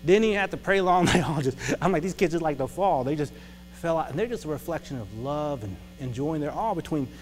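A man's voice: on the high side, lively intonation, fairly quick. A man preaching a casual testimony sermon, often laughing as he tells a story. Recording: reverberant hall with music.

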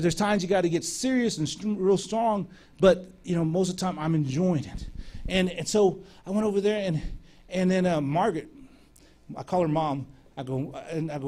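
A middle-aged male preacher telling healing stories in a sermon, acting out the dialogue as he goes. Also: fairly high pitch. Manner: animated storyteller acting out dialogue. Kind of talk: sermon testimony storytelling.

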